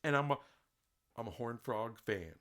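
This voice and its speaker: A man's voice: mid-range voice, animated, moderate pace, sharp tone. A man giving opinionated solo commentary on college sports, emphatic and indignant, full of rhetorical questions. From Texas.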